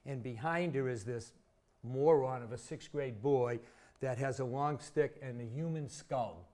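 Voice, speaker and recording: A man's voice: medium pitch, measured pace, darkish tone. Older man telling a story in an interview. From Massachusetts. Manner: chatty, vivid anecdotes with self-deprecating humor. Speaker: interview guest, former teacher.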